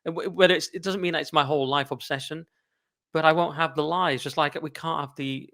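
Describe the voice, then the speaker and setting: A man's voice: a little high, fairly even intonation, brisk, vocal fry, a bit bright. A man from England, hosting a podcast, talking in a blunt, sardonic way with rambling asides. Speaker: podcast host. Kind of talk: casual opinionated chat.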